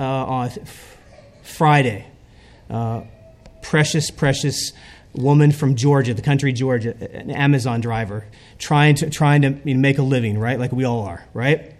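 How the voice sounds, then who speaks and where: A man preaching a sermon, talking conversationally and often checking in with the congregation. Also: fairly high pitch. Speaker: pastor.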